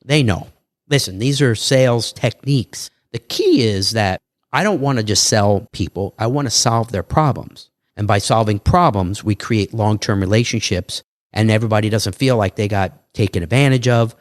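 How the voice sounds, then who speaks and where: A man, an entrepreneur guest on a podcast, talking casually in animated salesman patter and acting out dialogue. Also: lowish voice, moderate pace, no room sound. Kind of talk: casual interview talk.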